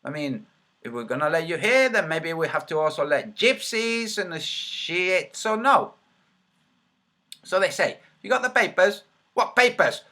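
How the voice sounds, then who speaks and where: A man's voice: a little high, lively intonation, measured pace, pushed and bright. A man hosting a casual livestream, muttering to himself while he searches and then commenting in a mocking, sarcastic way. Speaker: video host.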